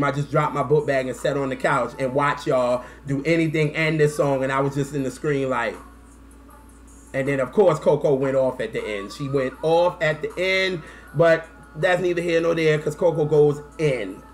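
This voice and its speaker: Excitable slangy male fan vlogger. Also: a little high. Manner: excitable and slangy, with bursts of whoops and laughter. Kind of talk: casual fan commentary.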